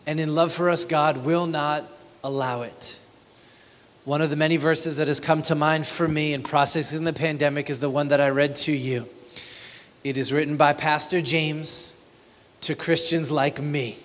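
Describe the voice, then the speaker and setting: A pastor preaching a conversational sermon, often asking the congregation if they feel it. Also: male voice, a little high, steady tone, unhurried, in a large hall.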